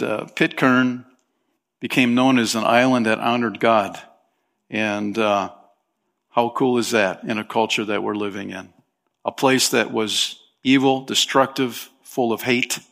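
A man preaches a Sunday sermon as the church's pastor. He talks conversationally, dropping in fillers and restarts, and lifts his voice for emphasis. His voice sits at an ordinary middle pitch. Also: a bit bright.

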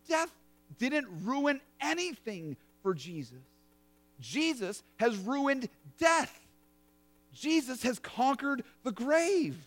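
A man's voice: very high-pitched, big pitch swings, takes it slowly. A man preaching a sermon as pastor, telling it in a vivid, conversational storytelling way.

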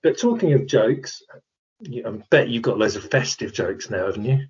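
A husky-voiced man trades jokes and chatty banter as a podcast co-host. The recording sounds dull and slightly lo-fi. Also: mid-range voice, lively intonation, moderate pace, a little mellow. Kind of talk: casual chat.

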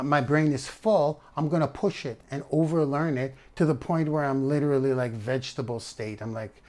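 A man's voice: on the high side, a little mellow. A man hosting a live stream, giving a rambling motivational talk on earning money, emphatic and often repeating his phrases. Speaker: online business coach hosting a live stream.

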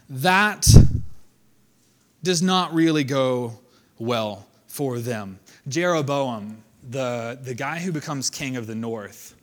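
A man teaching a sermon in a relaxed, conversational way, loosely paraphrasing scripture with fillers and asides. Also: mid-range voice. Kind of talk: sermon, casual Bible teaching.

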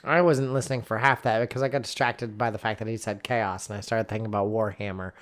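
A man's voice: lowish voice, fairly even intonation, quick pace. A man co-hosting a podcast, tossing in short, dry, sarcastic remarks in casual chat. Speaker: podcast co-host.

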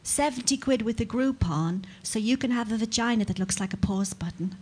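A woman's voice: on the high side, a little fast. Woman comic doing a stand-up set on stage, sarcastic, ranty, faint hiss behind. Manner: sardonic, mock-outraged, builds to ranting. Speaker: stand-up comedian.

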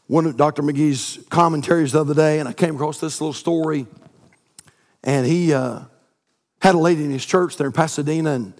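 Pastor, high voice, chanted sermon cadence, long church reverb. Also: male voice. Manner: swings from loud chanted preaching to quiet storytelling.

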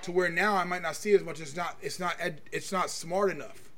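A male podcast host with a noticeably high-pitched voice, talking in a loose, casual way. He swears constantly and drifts into long, rambling anecdotes. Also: steady tone, a little fast, a bit bright. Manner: profane, rambling storyteller. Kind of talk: casual chat.

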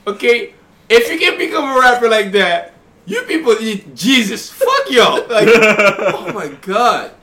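Brief: high, bright man with non-native English accent, animated profane podcast rant. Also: a little slow. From immigrant to the United States. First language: not English. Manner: animated, profane ranting with laughter. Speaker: podcast co-host. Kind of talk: casual chat.

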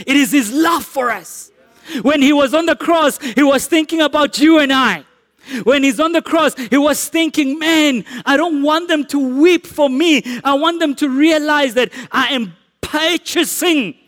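A man with a South African accent preaching a sermon, earnest and rising to emphatic declarations. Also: high voice. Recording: echoey hall with long reverb.

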